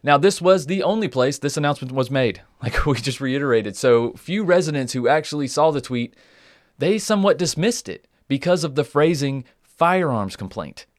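A man's voice: fairly high pitch, lively intonation, normal speed, no echo, studio quality. A man hosting a podcast, telling the story in casual chat with joking asides. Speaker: podcast host.

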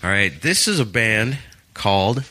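A man's voice: on the low side, big pitch swings, measured pace, sharp tone, a little hiss or hum. A man hosting a casual music chat, talking in a rambling, chatty way. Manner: rambling, chatty, reads aloud with amusement. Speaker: podcast host.

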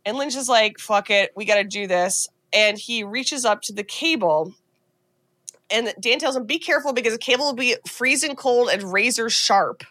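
Bright-voiced woman podcaster, swears, laughs, dry close mic. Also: on the high side, moderate pace, no echo. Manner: animated, swears and laughs while retelling scenes. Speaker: podcast host. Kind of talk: casual movie recap chat.

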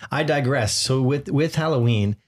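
A man's voice: medium pitch, moderate pace. A man co-hosting a podcast, in a jokey, rambling casual chat full of playful asides. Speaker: podcast co-host.

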